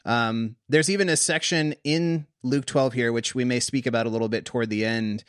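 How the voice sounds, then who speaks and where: A podcast co-host talks casually through a Bible story in a chatty conversational discussion, full of fillers and restarts. His mid-range voice is smooth with fairly even intonation at a normal speed, recorded in clean studio sound with no echo.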